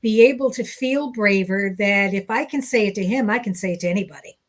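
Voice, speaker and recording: A woman's voice: mid-range voice, brisk. A woman guest on a podcast interview, talking candidly and earnestly about finding her voice. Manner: earnest, candid, acts out remembered dialogue. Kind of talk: conversational interview.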